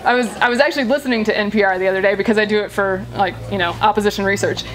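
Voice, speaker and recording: Talking very fast in a mid-range voice with fairly even intonation, a Virginia-based woman political commentator jokes sarcastically, laughs a lot, and fields questions at a party indoors. The rough live recording has music and crowd noise behind her.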